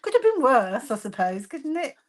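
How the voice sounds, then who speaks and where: A woman's voice: high-pitched, very animated, moderate pace. A woman hosting a craft live stream in casual chat, chatty and laughing often. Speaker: craft show host.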